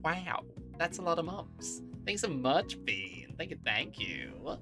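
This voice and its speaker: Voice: medium pitch, big pitch swings, slow, over music. A streamer chatting live, greeting viewers with bubbly, goofy exclamations.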